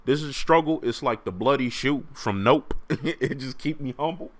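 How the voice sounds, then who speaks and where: A young man hosting a podcast alone, telling a story casually in slang, animated and often laughing. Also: medium pitch, normal speed, no room sound. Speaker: podcast host.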